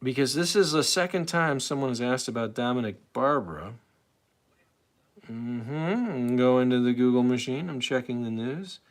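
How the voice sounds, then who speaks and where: A man in his late forties hosts a live stream, talking off the cuff. He wanders between thoughts, restarts his sentences and answers viewers' comments as they come in. His voice sits at an ordinary pitch for a man. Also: expressive, normal speed. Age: late 40s. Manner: rambling, self-interrupting, reads chat aloud. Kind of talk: casual live stream chat.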